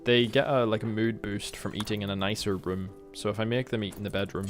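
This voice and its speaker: A man's voice: on the low side, steady tone, brisk, faint music behind. A British man chatting casually with his live-stream viewers while playing a game, rambling and joking and humming to himself between remarks. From Britain.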